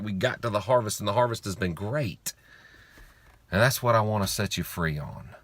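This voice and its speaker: Man with a low, bright, forceful voice, preachy monologue style, dry close sound. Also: dry recording. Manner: preachy, emphatic, repeats lines for effect; blunt, swears casually. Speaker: online speaker on faith and money. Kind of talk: informal motivational monologue.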